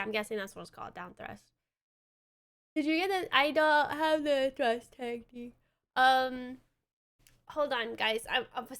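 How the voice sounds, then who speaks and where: A tired, yawning woman streaming a video game, thinking out loud and chatting to her viewers. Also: fairly high pitch, creaky. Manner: thinks aloud while playing and talks to chat. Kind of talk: casual livestream gaming commentary. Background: game music.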